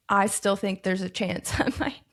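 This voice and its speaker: A woman's voice: medium pitch, fairly bright tone. A woman co-hosting a casual podcast, candid and self-deprecating, often laughing at herself. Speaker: podcast co-host. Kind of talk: casual chat.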